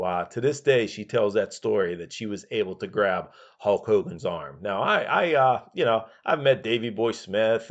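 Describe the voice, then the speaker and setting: A man with a lowish voice hosts a casual podcast monologue. He rambles with plenty of fillers, and the recording sounds dull and lo-fi. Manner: rambling, many "uh" and "you know" fillers. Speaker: podcast host.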